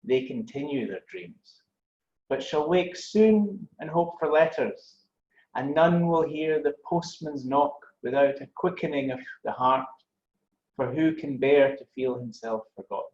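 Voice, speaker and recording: A man's voice: on the high side, expressive, measured pace, a little mellow, echoey room, lo-fi sound. A man reciting a poem aloud with a rolling, rhythmic delivery.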